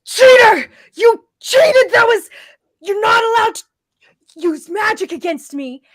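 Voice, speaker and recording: A woman voicing a loud, sore-losing male fighter in a military uniform, shouting shrill accusations. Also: animated, slow pace, full character voice. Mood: furious.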